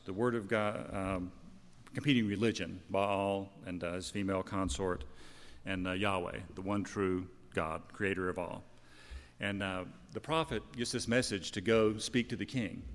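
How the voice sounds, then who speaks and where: A man's voice: low-pitched, steady tone, moderate pace. A man preaching a sermon, retelling a scripture story in a conversational way with fillers and self-corrections. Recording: long hall reverb.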